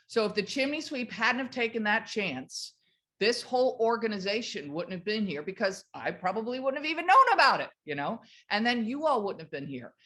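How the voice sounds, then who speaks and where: A woman in her fifties telling a motivational story to her team on a video call, animated and enthusiastic. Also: medium pitch. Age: 50s. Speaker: network marketing team leader.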